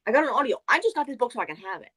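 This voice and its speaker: A woman co-hosting a book club livestream, chatting casually and going off on rambling, animated tangents. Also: on the high side, racing, slightly rough. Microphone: video call.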